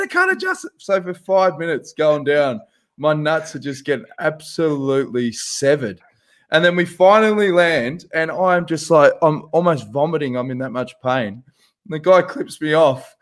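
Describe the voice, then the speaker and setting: A man, a podcast co-host telling a profane, animated anecdote in casual chat. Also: fairly high pitch, normal speed. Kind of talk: casual storytelling.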